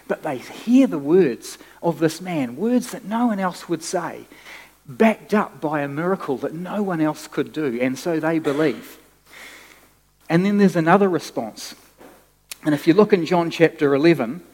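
A man preaching a sermon as pastor, animated and conversational, often restarting his phrases. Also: a little high, long reverb tail.

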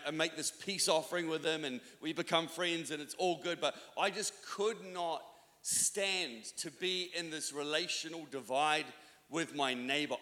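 A man's voice: on the high side, pushed and bright. A male pastor from New Zealand preaching a sermon, telling stories in a conversational, self-deprecating way with many restarts. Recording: long reverb of a church hall.

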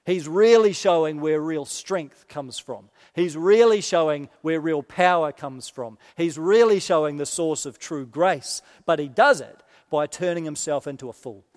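A man preaching a sermon, animated and lively, acting out quoted voices with dry humorous asides. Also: a little high, a little slow, few pauses, in a large hall. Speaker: pastor.

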